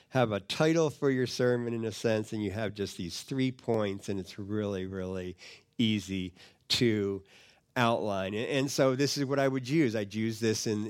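A man's voice: on the low side, clean tone. A man preaching and teaching to a live audience in a conversational way, often repeating words and putting questions to the listeners. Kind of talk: teaching sermon.

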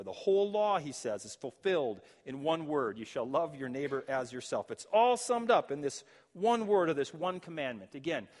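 Earnest pastor, slightly high voice, reverberant hall. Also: male voice. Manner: earnest, reflective, with frequent restarts while quoting scripture. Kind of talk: sermon.

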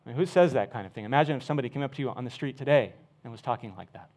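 A man's voice: mid-range voice, very fast. Emphatic male preacher. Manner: emphatic, with wide swings in loudness. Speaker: pastor. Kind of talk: sermon.

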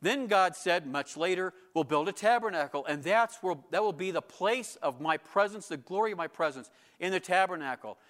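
A man's voice: sits high, expressive, moderate pace, hardly any pauses, fairly bright tone. Earnest man preaching a sermon. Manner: earnest, emphatic preaching with rhetorical questions. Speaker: pastor.

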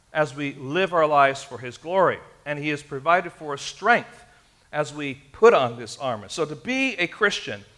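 A man delivers a sermon in a bright, forward voice that sits a little high. He preaches earnestly and turns to speak straight to his listeners. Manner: earnest preaching, addressing the congregation directly. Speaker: pastor.

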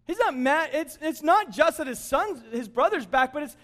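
Animated high-voiced male preacher. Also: normal speed, hardly any pauses. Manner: animated, acts out quoted characters, jokes with the congregation. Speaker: pastor. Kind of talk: sermon.

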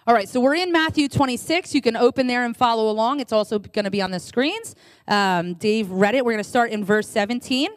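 A woman preaching a sermon in a conversational, animated way, asking rhetorical questions and acting out quoted voices. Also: a little fast, no echo, studio quality. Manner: acts out quoted voices in a high squeaky pitch.

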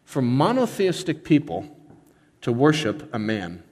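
A pastor preaching a sermon with emphatic delivery, slowing down to stress key words and climbing high in pitch when he builds a point. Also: huge pitch swings, a little mellow, big-room sound.

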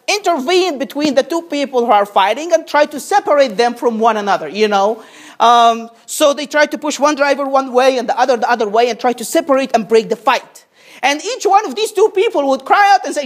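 A woman from Egypt preaching a sermon, animated as she acts out quoted speech and reading scripture slowly. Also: sits high.

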